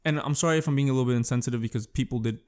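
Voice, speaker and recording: A man's voice: medium pitch, very fast, a little mellow. A young man hosting a podcast alone, telling crude stories in a rambling way, full of fillers and self-corrections. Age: young adult. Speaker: podcast host. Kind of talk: casual solo storytelling.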